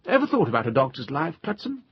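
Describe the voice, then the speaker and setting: A man voicing a tipsy, pompous middle-aged gentleman who speaks with exaggerated, sing-song civility. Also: a little high, wildly swooping pitch, fast talker, breathy edge, voice pushed up, full character voice. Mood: tipsy, genial. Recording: dull lo-fi recording.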